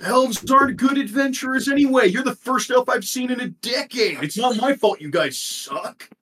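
A man's voice: very high-pitched, expressive, moderate pace, pushed and bright, husky, voice pushed up, heavily acted. A man voicing a grumpy, sarcastic male troll guard with a whiny, petulant manner. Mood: grumpy, sulky.

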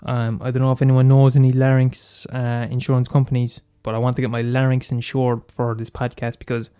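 A man's voice: mid-range voice, completely flat delivery, a little fast, mellow, clear, resonant tone, dry recording, clean studio sound. Sweary Irish man ranting on a podcast. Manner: sweary, blunt, self-mocking, repeats lines for effect. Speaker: podcast host. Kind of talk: solo comedic podcast rant.

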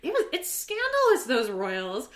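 A woman from Canada co-hosting a podcast, chatting in an animated, gushing way with the odd swear. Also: high voice, measured pace, reverberant. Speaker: podcast co-host. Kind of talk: casual chat.

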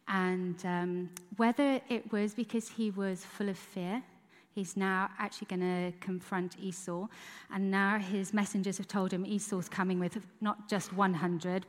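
A woman preacher giving a candid, conversational sermon, telling stories with bursts of emphasis. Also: medium pitch. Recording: long reverb of a large hall.

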